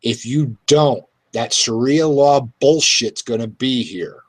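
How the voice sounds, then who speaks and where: A man hosting a talk show, speaking in an irritated, halting way with many fillers. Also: medium pitch, no echo. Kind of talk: casual political talk.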